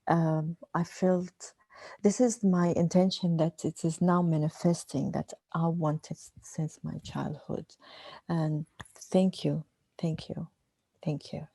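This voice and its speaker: A woman, sharing on a video call in a halting way and leaning on "okay" between phrases. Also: low voice, level tone, dark tone, no room sound, rough recording. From Arab world. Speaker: retreat participant. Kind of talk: casual sharing in an online group.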